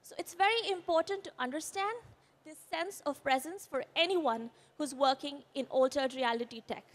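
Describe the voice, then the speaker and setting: A high-voiced woman with an Indian English accent presents at normal speed from a conference stage. Shaken by an accident, her voice quivers while she explains earnestly and offers short apologies.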